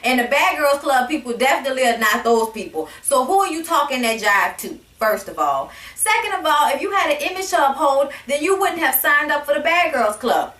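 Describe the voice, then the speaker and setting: A woman's voice: high voice, lively intonation, a little fast, few pauses, fairly bright tone, recorded from a distance. A woman reviewing a reality TV episode in a sassy, blunt, profane casual rant. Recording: echoey room, voice a bit off-mic.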